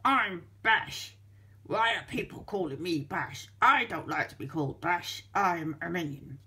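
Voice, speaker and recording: A woman doing a low, loud, cross minion. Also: expressive, measured pace, slight background noise, heavily acted.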